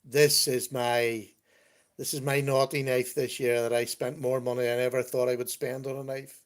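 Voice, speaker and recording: A man with a medium-pitched voice hosts a casual livestream from his home computer, speaking flatly at a moderate pace. He chats, laughs often and reads viewer comments aloud.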